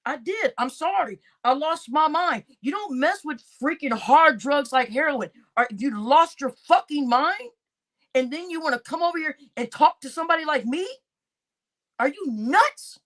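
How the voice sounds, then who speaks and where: In a heated livestream rant, the host, a woman, swears heavily and keeps repeating herself. Her voice sits high with a fairly bright tone.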